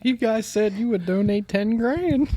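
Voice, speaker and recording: A man's voice: high-pitched, measured pace, background noise. A young man hosting a podcast, telling stories in loose, profane, laughing casual chat. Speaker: podcast host.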